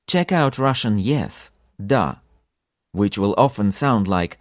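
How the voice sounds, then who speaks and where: A man teaching a language lesson for an audiobook, repeating example words slowly with long drawn-out vowels. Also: on the low side, expressive, no room sound, studio quality.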